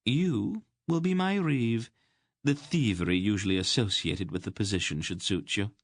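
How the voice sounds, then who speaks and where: A man voicing a commanding, motherly noblewoman who gives out orders in a brisk, dry, teasing way. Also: lowish voice, no echo, pitched above the performer's own voice.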